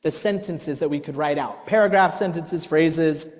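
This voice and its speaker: Man presenting a workshop, fairly high voice, animated storyteller, long hall reverb. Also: moderate pace. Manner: animated storytelling, acts out his own outbursts. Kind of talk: live workshop talk. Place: church hall.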